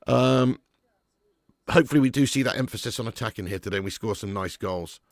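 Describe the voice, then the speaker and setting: A man's voice: lowish voice, brisk, dry recording, clean studio sound. A man hosting a live football watch-along, chatting with viewers by name and commentating with sarcasm.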